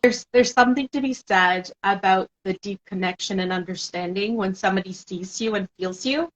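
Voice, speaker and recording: A woman hosting a live chat series, emotional and expressive, often laughing as she talks. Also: mid-range voice, normal speed, rough recording. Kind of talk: casual interview chat.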